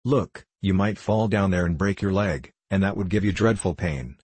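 A man narrates a children's classic with a deep, slightly husky tone. His reading is steady and measured. The sound is close and dry. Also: no room sound. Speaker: audiobook reader.

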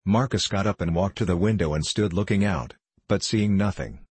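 A man narrating a novel in a steady, measured reading. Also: low-pitched, slightly rough, no echo. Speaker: audiobook narrator. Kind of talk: scripted narration. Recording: close, dry.

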